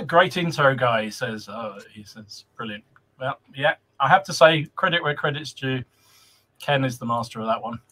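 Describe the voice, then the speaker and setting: A man's voice: mid-range voice, fairly bright tone. A man hosting a casual livestream podcast, cheerfully greeting viewers and reading out their comments. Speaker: podcast host.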